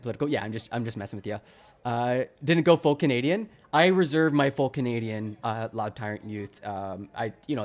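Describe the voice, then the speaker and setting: A man from Wisconsin livestreaming, joking sarcastically, laughing a lot and chatting with his viewers. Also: medium pitch. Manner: jokey, sarcastic, laughs often, chats with viewers. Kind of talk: casual livestream commentary.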